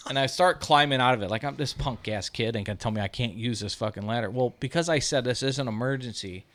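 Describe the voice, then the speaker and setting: A man's voice: mid-range voice, a little fast. A man in his thirties hosting a podcast, telling a story in casual chat, cursing often and laughing as he goes. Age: 30s. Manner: profane, laughing, animated storytelling. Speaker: podcast host.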